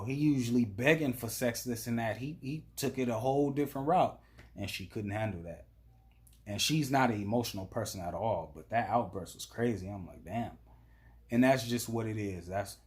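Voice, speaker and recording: A man telling a story in a casual, blunt and profane monologue as a vlogger. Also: fairly low pitch.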